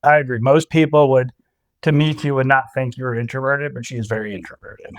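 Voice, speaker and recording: A man's voice: medium pitch, fairly even intonation, a little fast, no room sound, clean studio sound. A man from Michigan co-hosting a podcast, easygoing in casual chat and laughing along. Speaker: podcast co-host.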